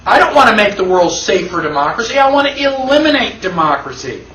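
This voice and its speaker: An emphatic man with a fairly high voice teaches a classroom lecture and keeps throwing rhetorical questions at his listeners. The sound is roomy and echoey. The mic sits at some distance from him. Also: big pitch swings, fairly quick, fairly bright tone, a little hiss or hum. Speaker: constitution class instructor. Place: classroom with an audience.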